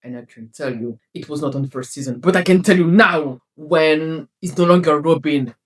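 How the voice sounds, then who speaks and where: A female vlogger rants to the camera about a TV series at a moderate pace, passionate and exasperated. She swings between loud outbursts and low mutters in this casual rant.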